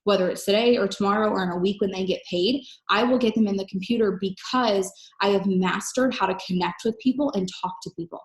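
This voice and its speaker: A woman coaching network marketers in an energetic, emphatic solo talk, recorded at home in her kitchen. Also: mid-range voice, reverberant. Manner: energetic, emphatic, fast-talking.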